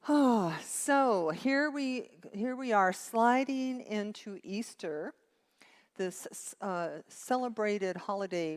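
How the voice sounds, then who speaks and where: A woman assistant minister giving a casual, chatty sermon in a church, telling jokes and often breaking off and restarting her sentences. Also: mid-range voice. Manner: chatty, self-interrupting, tells jokes. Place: church sanctuary.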